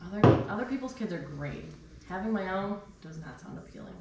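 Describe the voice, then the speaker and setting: A woman's voice: mid-range voice, lively intonation, fairly quick, darkish tone, slight background noise. A woman in a casual podcast chat, making dry, joking asides. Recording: echoey room from far off.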